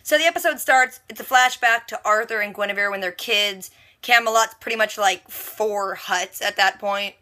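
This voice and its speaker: A woman vlogger giving a casual, animated recap of a TV episode with quick asides. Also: medium pitch. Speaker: reaction vlogger.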